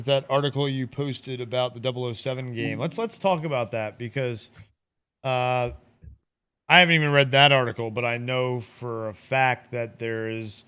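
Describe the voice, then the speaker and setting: A man's voice: mid-range voice, fairly bright tone, smooth. A man hosting a casual watch-party chat with friends, rambling and laughing often. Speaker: host.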